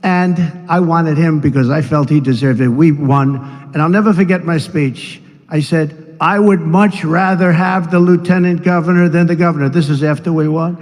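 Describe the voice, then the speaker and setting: Older man with a high voice, rambling. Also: fairly even intonation, normal speed, darkish tone. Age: 70s. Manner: digressive, with conversational asides and mocking impressions. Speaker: political speaker at a rally. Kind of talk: rambling rally speech. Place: large rally venue. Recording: long reverb of a big venue, faint noise.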